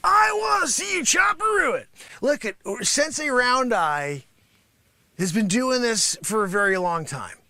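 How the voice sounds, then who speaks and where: A boastful, bragging martial arts sensei, as a man improvises him live, his voice swinging widely in pitch and flaring into shouts. He sounds bright and pushy, and the sound is dry and close. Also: very animated, a little slow, clear, resonant tone, no room sound, exaggerated voice. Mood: boastful, indignant. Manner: bragging, worked up, shouting in bursts.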